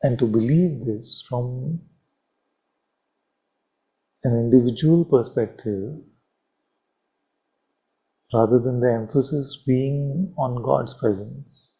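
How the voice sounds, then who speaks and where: A man speaks as a spiritual teacher at a satsang, his voice very dark and mellow at a middling pitch. He talks slowly and reflectively, leaving long pauses and repeating key phrases. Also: rough recording. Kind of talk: satsang talk.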